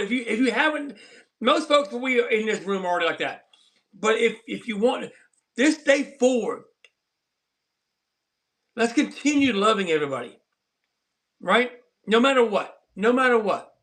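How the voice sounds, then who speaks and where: A man's voice: high-pitched, animated, a little slow, long pauses, a bit bright. A man hosting a live stream, chatting in a rambling, earnest and preachy way to his viewers. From southern Colorado. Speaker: livestream host. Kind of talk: casual livestream chat.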